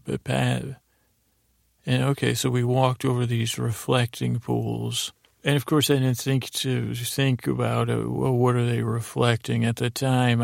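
A man improvising a rambling bedtime story as a sleep podcast host, halting with many restarts and fillers. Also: mid-range voice, vocal fry, no room sound, studio quality.

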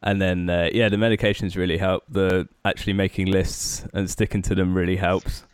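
A man's voice: low voice, flat delivery, brisk, clear, resonant tone, no echo, clean studio sound. A man hosting a podcast in casual chat, asking easygoing questions and laughing often. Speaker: podcast host.

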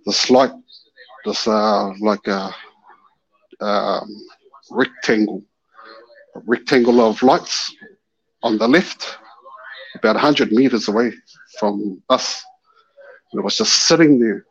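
A man's voice: fairly low pitch, slow pace, vocal fry, long pauses, husky. A man calling in and telling a story, animatedly acting out the voices in it. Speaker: caller. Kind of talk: casual storytelling. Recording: dull lo-fi call-in audio.

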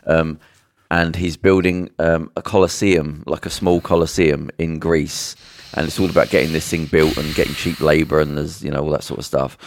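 A man's voice: very deep voice, little pitch movement, moderate pace, vocal fry, hardly any pauses, a little hiss or hum. A man co-hosting a podcast, retelling a show in a rambling way with many fillers and restarts. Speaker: podcast co-host. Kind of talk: casual chat.

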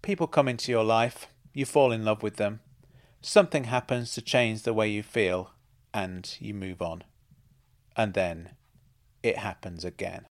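A man's voice: lowish voice, a little slow, no room sound, clean studio sound. A man reading his own first-person story in a reflective, wry manner. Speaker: narrator and author.

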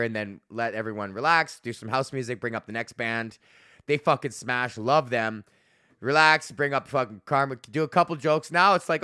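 Rambling, profane man with a bright voice. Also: medium pitch, fairly even intonation, fairly quick, clear, resonant tone, no room sound, studio quality. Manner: profane, rambling storytelling with lots of fillers. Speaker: podcast host and comedian. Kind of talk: solo rambling monologue.

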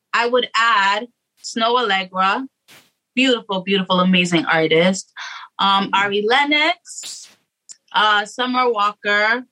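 Slow-talking bright-voiced young woman. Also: a little high, rough recording. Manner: hesitant, many restarts and fillers. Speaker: singer and guest. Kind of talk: casual interview chat.

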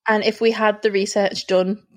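A woman's voice: mid-range voice, flat delivery, moderate pace. A woman co-hosting a chatty podcast, sarcastic and swearing casually. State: irritated wisdom tooth. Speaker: podcast co-host. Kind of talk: casual chat.

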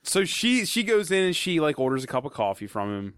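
Bright-voiced man, high and dry. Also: fairly quick, smooth, no echo. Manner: profane, laughing, animated retelling. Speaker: podcast co-host. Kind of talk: casual movie-recap banter.

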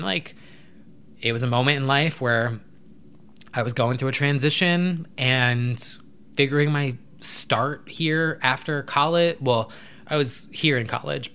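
A young adult man vlogging to camera, rambling in an animated, casual way with occasional swearing. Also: mid-range voice, clean tone.

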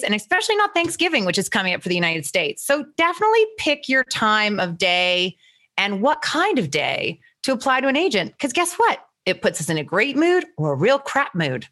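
Brief: animated woman host, blunt and jokey, voice swinging widely in pitch. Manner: animated, blunt, ranting and joking. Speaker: podcast host. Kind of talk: casual chat.

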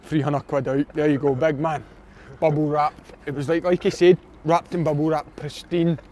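Scottish man telling a lively story. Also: on the high side, normal speed, a little hiss or hum. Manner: animated anecdote teller, lots of quoted dialogue. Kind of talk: casual storytelling chat.

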